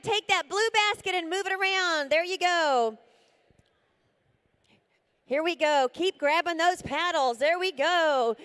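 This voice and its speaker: A woman's voice: very high-pitched, fairly bright tone. A woman calling a live charity auction, coaxing the crowd and rattling off repeated bid figures.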